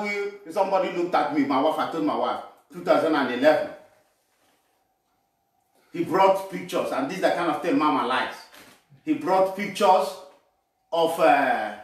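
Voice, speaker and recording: Animated Nigerian preacher in an echoey room. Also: male voice, fairly high pitch, distant mic. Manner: animated, shouting and laughing at the congregation. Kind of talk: sermon.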